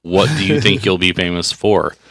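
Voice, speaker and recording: Deep-voiced male podcast co-host. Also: fairly even intonation, moderate pace, a bit bright, no room sound. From Kansas, USA. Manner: reads out questions, brief dry replies. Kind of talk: casual chat.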